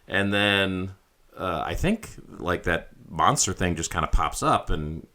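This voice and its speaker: Man, deep voice, bright tone, podcast co-host, animated movie recap. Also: a little slow. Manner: animated retelling, acts out characters' lines. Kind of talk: casual movie review chat.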